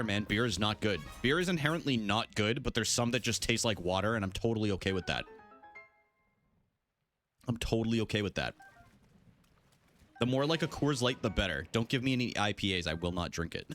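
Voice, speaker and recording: A man's voice: medium pitch, fairly bright tone. A young man live-streaming a game, chatting casually with viewers and laughing often.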